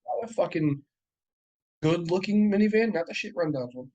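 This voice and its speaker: A man's voice: sits high, lively intonation, normal speed, darkish tone, muffled recording. A young man co-hosting a casual podcast chat, telling long profane stories full of fillers and laughs. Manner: profane, rambling storytelling with frequent laughs and fillers. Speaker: podcast co-host.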